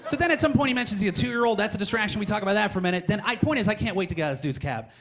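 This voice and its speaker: A young male comedian on a club stage, racing through his stand-up set. His voice sits high for a man, and he talks in quick, rambling bursts broken up by exasperated asides. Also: lively intonation, fairly bright tone, some chatter behind.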